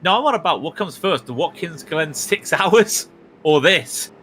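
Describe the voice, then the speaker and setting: A man from Britain calling a sim race live, chatty and excitable, his voice rising on the big moments. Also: on the high side, unhurried, slight background noise. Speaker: sim racing commentator. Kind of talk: live esports race commentary.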